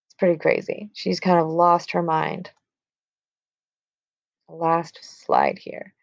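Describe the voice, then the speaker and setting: A woman's voice: on the low side, little pitch movement, slow pace, creaky, dry recording. A woman teacher casually explaining a classic play, using fillers like "um" and "like.". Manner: casual, with fillers like 'um' and 'like'.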